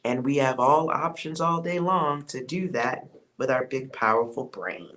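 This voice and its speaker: A man's voice: medium pitch, unhurried, a bit bright, a little hiss or hum. A man giving a casual spoken tarot reading, blunt and preachy, with frequent swearing. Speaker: tarot reader.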